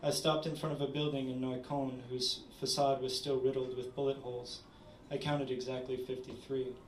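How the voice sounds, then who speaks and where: Man, story reading, measured pace, small stumbles, echoey venue, distant mic. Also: mid-range voice, level tone, a little hiss or hum. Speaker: reader at a literary event. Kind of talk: reading his story aloud. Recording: roomy, distant audience recording.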